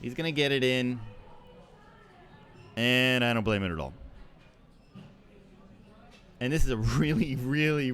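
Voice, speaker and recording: A man commentates a live poker final table, breaking up the play-by-play with jokes and easy laughter. His voice sits at a plain middle pitch, relaxed and conversational throughout. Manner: joking, laughs easily, playful.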